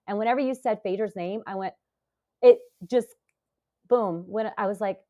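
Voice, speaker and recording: A woman in her forties, a podcast guest, talking casually and telling stories with lively acted-out quotes. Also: mid-range voice, moderate pace. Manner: animated storytelling, acts out quoted voices. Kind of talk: casual interview talk.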